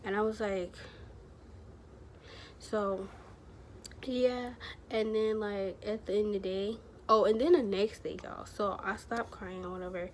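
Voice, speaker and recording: Woman vlogger, mid pitch, chatty and rambling, slangy storytelling, faint background hiss. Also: fairly even intonation, a little slow, long pauses. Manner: rambling, chatty, heavy use of filler words and slang. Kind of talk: casual storytelling to camera.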